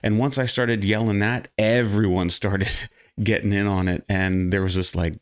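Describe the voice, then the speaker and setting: A man's voice: fairly low pitch, normal speed, smooth. A man vlogging, casually retelling a story and acting out the people in it with a raised voice. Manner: animated, acts out quoted people in raised voice; frequent restarts and fillers.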